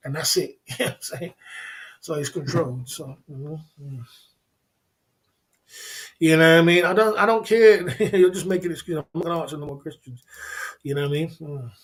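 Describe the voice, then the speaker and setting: This livestream host rants casually at his chat, repeating himself with emphasis and chuckling between points while often asking "you know what I mean." His voice is fairly high, his speed normal, and he pauses frequently.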